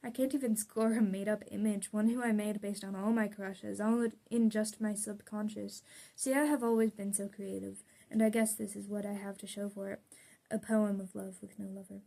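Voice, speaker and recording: Young woman, mid-pitched, reading her own confessional poems with earnest sincerity. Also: steady tone, normal speed, gravelly, mellow. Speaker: poet.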